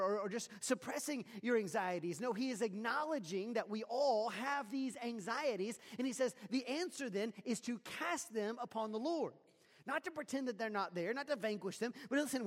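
Earnest man preaching in a reverberant hall. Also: very high-pitched. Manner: earnest, conversational preaching with many restarts. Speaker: pastor. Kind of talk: sermon.

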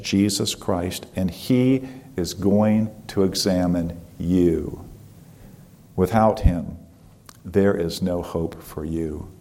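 A man's voice: lowish voice, warm tone. A man voicing a frightened Christian wife in prison, who pleads in prayer and preaches boldly to her captor.

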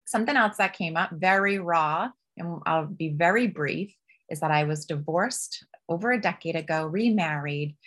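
A woman, a guest on a podcast, telling personal stories in an open, emotional and expressive way. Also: lowish voice, normal speed. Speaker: podcast guest, business coach. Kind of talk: candid personal storytelling.

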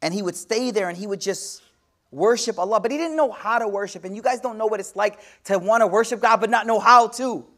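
A man giving a sermon-style lecture as an Islamic teacher, swinging from hushed to loud, with slangy asides and rapid Arabic recitation. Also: high voice. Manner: slangy, addresses audience directly.

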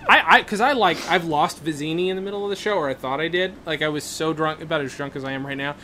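Tipsy male podcast host, bright and animated, faint hiss behind. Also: fairly high pitch, quick pace. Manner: rambling, giggly, bright lively voice. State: drunk. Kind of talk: casual chat.

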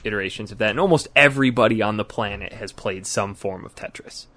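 A man's voice: on the low side, quick pace, sharp tone, no echo. A man co-hosting a gaming podcast in loose, joking casual chat, often trailing off mid-sentence. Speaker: podcast co-host.

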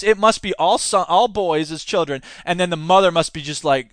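A man's voice: high-pitched, lively intonation, quick pace, hardly any pauses, fairly bright tone, no room sound. A man hosting a podcast, giving casual, sarcastic commentary and laughing often as he talks. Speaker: podcast host; teacher.

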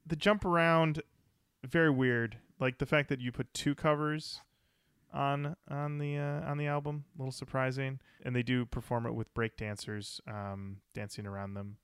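A man co-hosting a casual podcast, musing aloud and doubling back on his own words. His voice is smooth and clear at an ordinary middle pitch. The sound is close and dry, with no room around it. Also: steady tone, normal speed, fairly bright tone, dry recording. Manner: rambling, thinks aloud with self-corrections. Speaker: podcast co-host. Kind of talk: casual chat about music.

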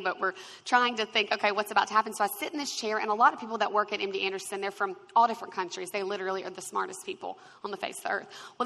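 A woman telling a personal story in a conversational, lively way. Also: mid-range voice. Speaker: speaker sharing her story. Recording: long reverb.

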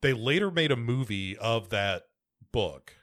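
A man's voice: mid-range voice, animated, unhurried, a bit bright. An American man co-hosting a podcast, chatting casually about a film with many fillers and restarts. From United States. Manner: rambling, full of fillers and restarts. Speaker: podcast co-host.

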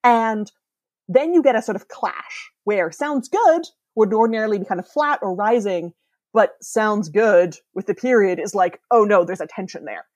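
A woman's voice: mid-range voice, moderate pace, darkish tone, dry recording. A woman in her thirties, a podcast guest, explaining ideas eagerly in casual chat and laughing often.

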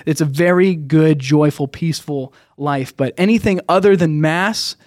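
A man's voice: fairly high pitch, moderate pace, a little mellow, no room sound. Young man, podcast guest, earnest storyteller, rambling, dry close mic. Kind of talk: personal faith story, casual.

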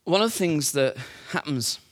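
A man's voice: fairly high pitch, expressive, moderate pace. A man preaching a sermon, telling the story in a conversational way with rhetorical questions and fillers.

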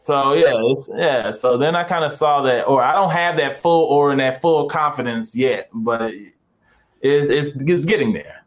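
Animated man telling comedy stories. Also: mid-range voice, moderate pace. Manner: animated storyteller acting out voices. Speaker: stand-up comedian. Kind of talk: casual podcast chat.

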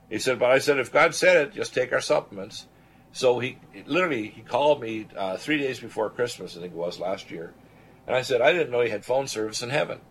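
An older Canadian radio host tells a personal story with earnest conviction, acting out the voices of people he quotes. His voice sits fairly low, with a little hiss or hum on the recording.

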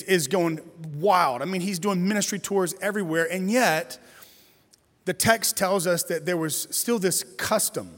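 A man in his forties delivers a sermon in a slightly high, animated voice, telling stories with playful, conversational asides. His voice carries a long reverb from a big church sanctuary. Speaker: guest pastor.

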